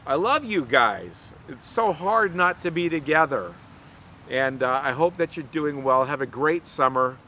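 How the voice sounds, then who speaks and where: A man's voice: fairly high pitch, animated, measured pace, sharp tone, slight background noise. A middle-aged man giving a casual youth devotional in an earnest, conversational way, often restarting his sentences. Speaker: youth pastor.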